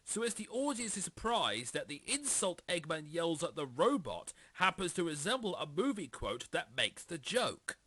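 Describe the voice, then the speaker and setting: A man in comedic video review commentary, calmly explaining and defending the game's jokes. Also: a little high, moderate pace, few pauses, slightly rough, no echo. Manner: calm, explaining, defending the game.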